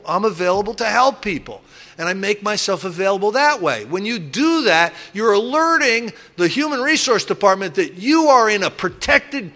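A middle-aged man in recovery telling stories from his drinking past in a casual, animated way, acting out other people loudly and restarting his sentences often. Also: high voice. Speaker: recovering alcoholic sharing his story. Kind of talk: casual storytelling talk.

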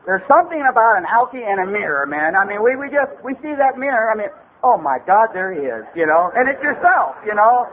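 Middle-aged LA man, high voice, loose rambling storyteller, thin phone-like sound. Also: sing-song, fairly quick. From Los Angeles area. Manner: loose rambling delivery full of "man" and "you know". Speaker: recovery meeting speaker. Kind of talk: comic personal storytelling. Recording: tinny phone-like recording with faint hiss.

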